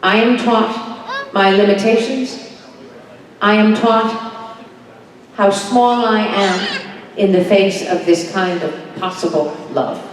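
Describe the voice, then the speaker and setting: A woman's voice: medium pitch, slow, long pauses. A woman answering fan questions on a convention stage, with a theatrical and emphatic delivery. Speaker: convention panel guest. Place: large convention hall stage. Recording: echoey hall from far off, crowd.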